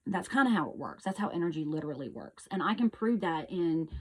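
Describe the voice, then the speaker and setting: A woman hosting her own show, earnestly teaching about energy in a casual monologue with restarts, sometimes calling out loud echoing hellos. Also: on the low side, sing-song, a little fast, slightly rough. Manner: earnest, repetitive, with restarts and loud echo demonstrations. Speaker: host.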